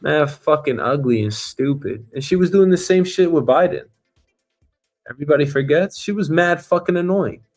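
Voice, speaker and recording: A man hosting a casual news commentary show, talking bluntly and profanely with animated asides. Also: on the high side, moderate pace, faint music behind. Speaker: show host.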